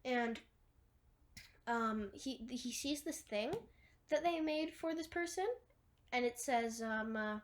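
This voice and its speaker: A woman's voice: a little high, slow, long pauses. Rambling woman recapping a movie. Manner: rambling, full of "like" and restarts.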